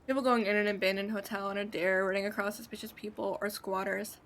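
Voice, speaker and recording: A woman's voice: mid-range voice, little pitch movement, fast, few pauses, a bit bright, slight background noise. A woman streaming a video game, chatting casually with rambling asides. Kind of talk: casual live game commentary.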